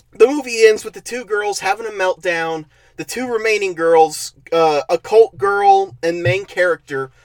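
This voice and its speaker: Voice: medium pitch, no room sound. A movie reviewer ranting in a sarcastic, exasperated way, stumbling over words when worked up.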